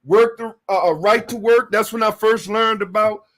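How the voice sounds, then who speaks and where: A man from the northern United States hosting a casual talk show, telling stories with profanity and acting out both sides in loud bursts. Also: sits high, normal speed. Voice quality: profane and emphatic. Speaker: show host. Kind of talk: casual sports talk chat.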